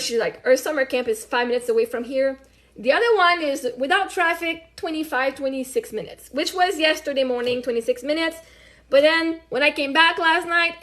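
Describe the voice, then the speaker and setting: A woman hosting her own show, talking casually and animatedly, acting out her conversations and swearing freely. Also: high voice. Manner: animated storytelling, swears freely, acts out dialogue. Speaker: show host; mother. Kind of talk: casual monologue.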